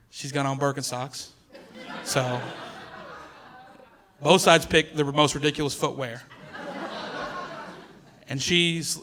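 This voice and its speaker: A male stand-up comedian with a high, bright voice. He talks chattily on stage and corrects himself mid-sentence. He often laughs through his lines. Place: comedy stage before an audience.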